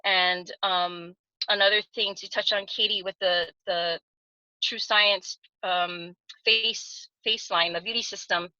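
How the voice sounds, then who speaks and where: A woman's voice: medium pitch, steady tone, slow, sharp tone, dry recording. A woman in her thirties from Hawaii telling her story in a casual, earnest way with lots of fillers on a video call. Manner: earnest, many fillers and restarts. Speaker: guest giving a testimonial on a video call. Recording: dull lo-fi call audio.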